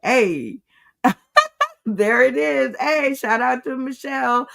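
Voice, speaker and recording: A woman's voice: high-pitched, slow, vocal fry, a bit bright. A woman hosting a live comedy radio show, hyping up the guests in an upbeat way. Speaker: radio host.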